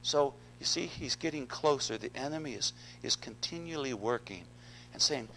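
A man's voice: medium pitch, moderate pace, creaky, pushed and bright, a little hiss or hum, low-quality recording. A man preaching a sermon, earnest, often repeating words and asking the congregation questions. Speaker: pastor.

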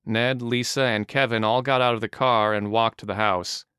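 A man narrating an audiobook in a steady, even reading style. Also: medium pitch, normal speed, clean tone, no echo, studio quality.

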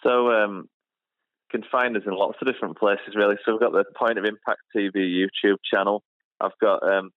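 Heard over a phone line with no room sound, this lowish-voiced British guest, a shooting channel creator from the United Kingdom, talks in a relaxed interview. He hesitates a lot, stumbling through fillers and restarts.

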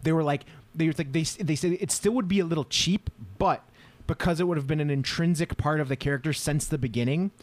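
A man's voice: on the high side, fast, no room sound. A man co-hosting a podcast in casual chat, rambling with many fillers and blunt profanity. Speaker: podcast co-host.

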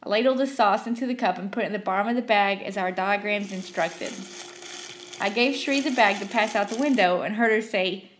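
A woman telling a story from her fast-food job in an animated way, acting out the characters. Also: medium pitch, slight background noise. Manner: animated, acts out every character. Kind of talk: storytelling narration.

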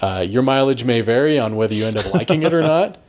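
A man co-hosting a podcast, chatting casually about movies in a rambling way, with lots of restarts. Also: quick pace. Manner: rambling, restarts often, animated pitch swings. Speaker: podcast co-host reviewing movies. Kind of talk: casual chat.

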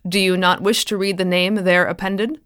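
A man's voice: sits high, level tone, moderate pace, sharp tone, clear, resonant tone, no room sound, studio quality. A woman doing a stern, suspicious officer. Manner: curt, probing questions.

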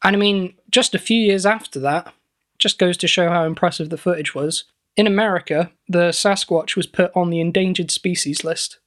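Deadpan man telling tall tales. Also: high voice, normal speed. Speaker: podcast co-host. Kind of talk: comedic banter.

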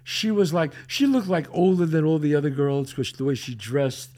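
An older man, hosting a podcast and telling a profane, animated story in which he acts out the quotes. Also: fairly high pitch, moderate pace. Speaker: host.

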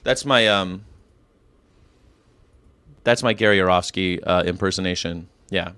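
A man's voice: deep voice, bright, forceful tone, clear, resonant tone, no echo. Rambling, jokey man hosting a vlog. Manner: rambling, jokey, quick to laugh. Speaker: host. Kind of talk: casual daily vlog monologue.

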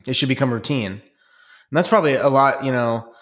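A man with a middle-pitched voice co-hosts a podcast in loose, casual chat. He gets excited easily, swears freely and slips into playful mimicry. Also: brisk. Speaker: podcast co-host.

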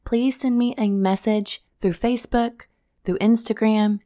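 A woman's voice: a little high, fairly even intonation, unhurried, mellow. A woman hosting a podcast, talking in an earnest, encouraging way straight to her listeners. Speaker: podcast host. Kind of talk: casual podcast monologue.

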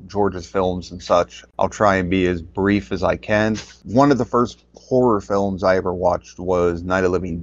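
A man's voice: sits low, gravelly, dry recording. A man from Pennsylvania telling his story as an interview guest, rambling with lots of fillers and restarts. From Pennsylvania, USA. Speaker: interview guest, documentary creator. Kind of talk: casual storytelling. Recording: muffled lo-fi audio.

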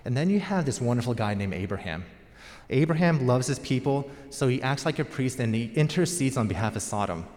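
A man's voice: mid-range voice, expressive, a little fast, darkish tone. An American man preaching a sermon as pastor, in a conversational storytelling manner. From United States. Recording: long hall reverb.

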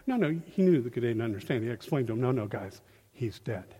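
Animated man preaching in a reverberant hall. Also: mid-range voice, a little fast, breathy edge. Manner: animated, folksy, acts out quotes. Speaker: lay preacher. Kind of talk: informal sermon. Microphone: handheld microphone.

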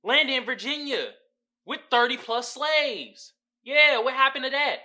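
A young man hosting a podcast, giving casual, profane, animated commentary straight to his listeners. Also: very high-pitched, measured pace. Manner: animated, loud, swearing, talking straight to listeners. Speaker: podcast host.

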